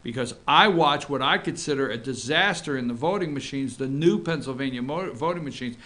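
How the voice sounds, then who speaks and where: A man from North Georgia, hosting a live online morning show in an excitable, rambling, emphatic way. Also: medium pitch, fairly quick. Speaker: host.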